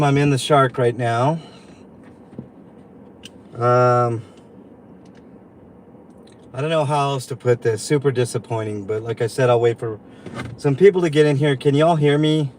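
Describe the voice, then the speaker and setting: A man hosts a livestream from inside a vehicle, sounding upset as he vents. His talk is halting and full of fillers, and his pitch sits in the middle range. A faint noise runs under the recording. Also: darkish tone. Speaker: livestream host. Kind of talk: livestream commentary.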